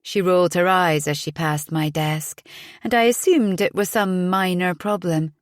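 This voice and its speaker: A woman narrating a thriller audiobook in a measured storytelling voice. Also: on the low side, steady tone, dry recording, studio quality. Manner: measured storytelling, voicing each character in dialogue.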